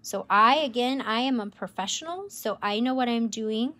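A woman educator presenting tarantulas in a live stream, enthusiastic and gentle, cooing at the animals. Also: a little high, normal speed. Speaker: insect zoo educator. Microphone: livestream camera mic.

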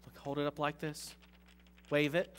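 A man preaching an interactive sermon in a church, joking with the congregation and rising to slow, loud emphasis. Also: fairly high pitch, flat delivery. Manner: jokes with the congregation, leads call-and-response reading. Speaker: pastor. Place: church sanctuary. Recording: long hall reverb.

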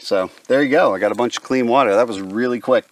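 A man talks easily through his camp setup outdoors, chatty and unhurried at a middle pitch. A faint hiss of noise sits behind his voice. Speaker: backpacking vlogger. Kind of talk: casual outdoor gear demo. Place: campsite in a forest, outdoors.

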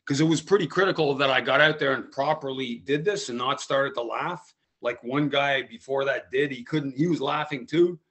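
A man's voice: medium pitch, normal speed, a bit bright. A man from Canada with a Canadian accent tells a rambling personal story, full of digressions and restarts. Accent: Canadian English. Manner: digressive, frequent restarts and tag "eh?".

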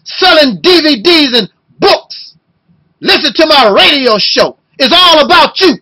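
A man in his fifties delivering an impassioned video rant, talking loud and emotional and firing off rhetorical questions. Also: very high-pitched, expressive, unhurried, rough recording. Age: 50s. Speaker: video blogger.

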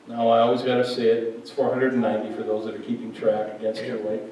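A man's voice: medium pitch, little pitch movement, fairly quick, a little mellow. A male pastor preaching a sermon in a conversational way, joking with his congregation in a church hall. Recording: very echoey hall, mic far off.

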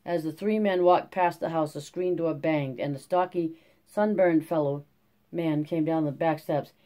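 An audiobook narrator reading a classic novel aloud at a steady pace, with occasional slips and restarts. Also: medium pitch, unhurried.

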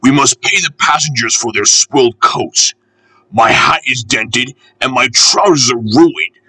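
A man's voice: mid-range voice, a little slow, bright, forceful tone, slightly rough, no room sound, rough recording. The Fat Controller, a man doing a cross railway boss. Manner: cross and blustering. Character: pompous, stern older male railway boss. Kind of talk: storybook character voice.

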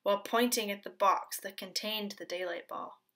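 A Pacific Northwest coast teacher gives an expressive, gentle storybook reading, occasionally softening to a whisper. Her pitch is medium and her speed normal.

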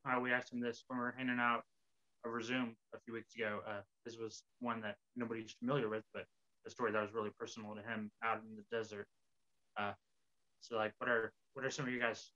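Bright-voiced host, lots of likes. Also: male voice, medium pitch. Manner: filler-heavy, uses like a lot. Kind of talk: casual interview chat. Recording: slightly dull lo-fi audio.

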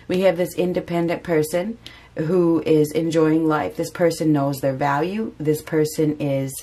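A woman's voice: sits low, darkish tone, breathy edge. A woman giving a casual spoken tarot reading, chatty and repeating phrases for emphasis. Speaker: tarot reader.

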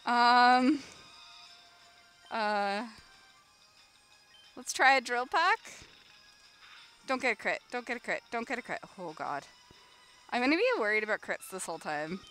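A bright, high-pitched young woman hosts a live game stream, her voice swooping around a lot as she chats at an unhurried pace. She is excitable and often breaks into shrieks of joy. Soft background music plays under her voice. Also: smooth. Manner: excitable, bursts into shrieks and shouting.

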